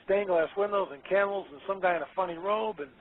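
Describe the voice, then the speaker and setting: A man's voice: sits high, fast. Emphatic man on a tinny phone line. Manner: emphatic, excitable, repeats words. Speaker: guest author. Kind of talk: radio interview.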